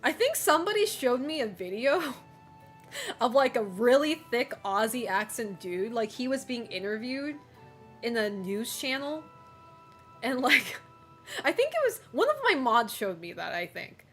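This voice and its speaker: Laughing, teasing streamer woman, fairly high voice. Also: sing-song, measured pace, a bit bright, faint music behind. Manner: teasing, laughs often, swears freely. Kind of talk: casual chat reading and answering live chat.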